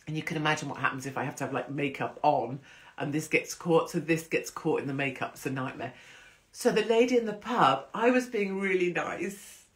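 A woman's voice: low voice, brisk. A woman hosting a casual livestream, chatty and rambling, swearing freely. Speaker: host.

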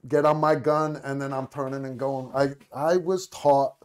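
A man's voice: mid-range voice, fairly even intonation, normal speed. A man from the United States hosting a casual chat, telling stories animatedly with frequent restarts. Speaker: podcast host.

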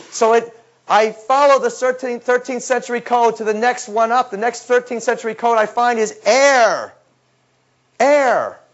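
A man with a fairly high voice gives a lecture, acting out his own past words as he tells the story. He swings from brisk reading down to low, intense asides. The recording sounds dull and lo-fi. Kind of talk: lecture talk.

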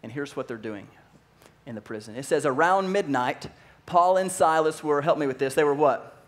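A pastor preaching a sermon in an animated way, acting out voices and asking the audience questions. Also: male voice, fairly high pitch, moderate pace.

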